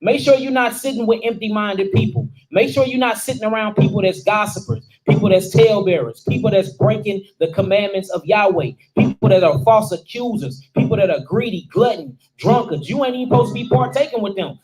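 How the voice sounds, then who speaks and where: A man's voice: sits high, brisk, hardly any pauses, crowd noise, poor audio. A man preaching a sermon, calling out questions to his listeners in informal dialect speech. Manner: calls out questions and answers to the room. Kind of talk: sermon teaching.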